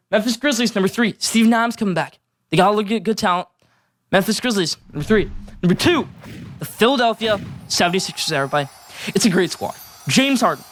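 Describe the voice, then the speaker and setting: Fast-talking high-voiced young man hosting sports. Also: fairly bright tone. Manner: hyped, emphatic, repeats his points. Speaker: sports podcast host. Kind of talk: solo sports talk segments.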